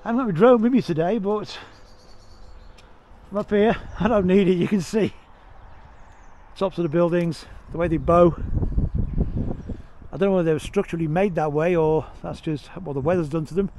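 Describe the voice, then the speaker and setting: A man's voice: high voice, normal speed, long pauses, dark tone, slight background noise, rough recording. A middle-aged man narrating a walking tour vlog, chatty and full of admiration, filmed on an action camera outdoors and in a small shop. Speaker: vlogger touring villages. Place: outdoors in a village, then inside a small shop. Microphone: action camera mic.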